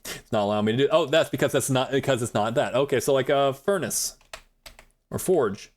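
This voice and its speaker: A man's voice: medium pitch, brisk. A young man chatting rambly to his viewers while playing a game live, talking into a desk mic. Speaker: streamer. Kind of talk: live gameplay commentary.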